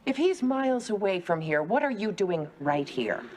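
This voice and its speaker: A woman's voice: mid-range voice, sing-song, darkish tone, a little hiss or hum, natural voice. An actress playing a nervous, easily frightened woman in a sitcom. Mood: suspicious. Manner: nervous, fretful, quick to fear. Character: anxious jumpy woman in a cabin. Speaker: sitcom character. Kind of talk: sitcom acting.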